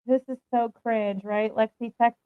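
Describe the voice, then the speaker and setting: A woman's voice: fairly high pitch, fairly even intonation, moderate pace, clear, resonant tone, dry recording. A woman doing casual live commentary, reading text messages aloud and answering viewer comments in a chatty, hesitant way. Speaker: online commentator. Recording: tinny phone-like audio, dry.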